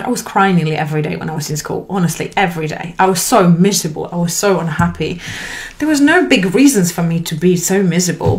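A woman in her thirties giving an earnest, encouraging motivational talk to camera as a life coach, with lively swings in pitch. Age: 30s.

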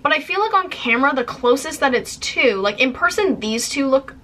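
A woman's voice: high-pitched, animated, brisk, pushed and bright, slight background noise. A young woman from Canada in her twenties, chatting casually on camera about things she bought and was given, bubbly and full of fillers. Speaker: vlogger. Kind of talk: casual haul chat.

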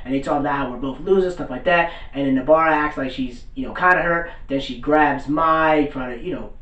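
A man with a somewhat high voice runs through an anime episode in a loose, slangy way, throwing in quick impressions of the characters. He sits back from the mic, so the voice sounds distant. The room around him is echoey. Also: fairly bright tone, highs cut off. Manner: loose slangy retelling, acts out characters' lines. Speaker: anime reviewer. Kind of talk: casual episode recap.

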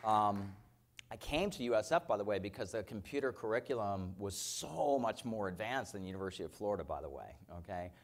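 A man in his fifties giving an energetic motivational keynote as a company founder, telling stories and often checking in with his audience. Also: lowish voice, fairly quick, slight background noise. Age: 50s. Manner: energetic, storytelling, keeps checking in with "okay?". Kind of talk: motivational conference talk. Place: conference stage.

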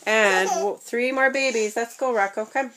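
A woman's voice: on the high side, normal speed, heavy background noise. A young woman chatting casually as she shows her reborn doll collection, rambling with fillers and self-corrections. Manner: talks softly, sometimes dropping to a near whisper. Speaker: vlogger showing her reborn dolls. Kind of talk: casual chat.

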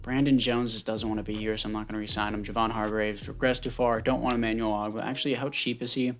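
A man giving casual commentary on a football video game, chatty and thinking out loud, often stumbling over names and correcting himself. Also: on the low side, flat delivery, quick pace, faint music behind. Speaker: gaming YouTuber.

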